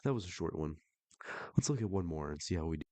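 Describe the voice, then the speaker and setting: A man's voice: low voice, lively intonation, fast, mellow, no room sound. A man doing comedic reaction commentary while reading texts aloud, sarcastic and profane.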